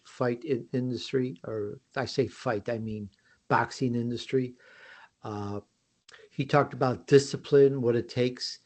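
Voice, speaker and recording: A man's voice: medium pitch, a little mellow. An American man talking casually as a podcast guest. He promotes his own work in a chatty way, with frequent restarts and fillers. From United States. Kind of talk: casual interview talk.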